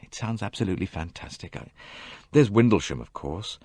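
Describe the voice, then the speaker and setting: A man's voice: fairly low pitch, expressive, a little mellow, breathy edge, dry recording. A man reading an audiobook, voicing a bewildered, injured young man who stammers and halts. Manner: stammering, halting. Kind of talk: audiobook character voice.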